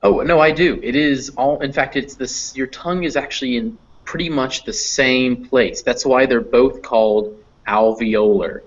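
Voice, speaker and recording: A man's voice: medium pitch, moderate pace. A man teaching English phonetics in a live online class, explaining patiently with fillers over a computer mic. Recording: dull lo-fi online class audio.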